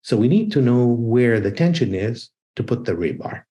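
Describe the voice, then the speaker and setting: A man's voice: mid-range voice, very animated, normal speed, dark tone. A man teaching an exam prep lecture, emphatic and repetitive as he drills key points. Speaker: architecture exam prep instructor.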